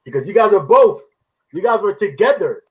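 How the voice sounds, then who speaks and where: A man's voice: high voice, very animated, fairly quick, darkish tone. A man hosting a casual car podcast, eagerly setting up questions and tripping over repeated words. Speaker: podcast host. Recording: noisy recording.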